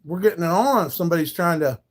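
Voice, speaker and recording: A man's voice: a little high, fast. A man live streaming, talking back to his viewers in a confrontational, profane rant.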